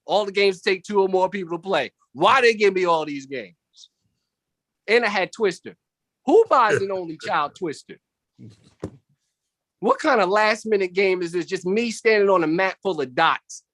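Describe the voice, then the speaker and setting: A man doing animated stand-up comedy over a video call from home, jumping into voices of family and coworkers. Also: sits high, normal speed, dry recording. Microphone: computer mic on a video call.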